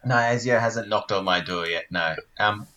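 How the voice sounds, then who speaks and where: Man, bright voice, casual podcast host, hesitant fillers. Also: on the low side, moderate pace, low-quality recording. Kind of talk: casual group chat.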